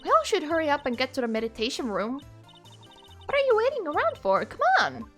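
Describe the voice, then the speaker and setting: Lady doing a loud folksy southern photographer girl, pushy, bit high. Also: huge pitch swings, fairly quick, soft background music. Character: brash young woman photographer with southern drawl.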